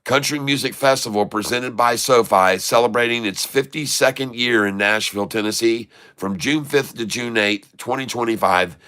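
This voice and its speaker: A man's voice: mid-range voice, moderate pace, hardly any pauses, pushed and bright, smooth. A man from the United States hosting a casual stock market livestream, joking and folksy, often calling his viewers folks.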